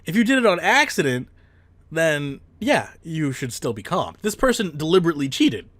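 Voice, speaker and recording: A young adult man hosting a casual podcast, quick and self-mocking, ranting with bursts of laughter. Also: on the high side, big pitch swings, a bit bright, slight background noise. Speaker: podcast host.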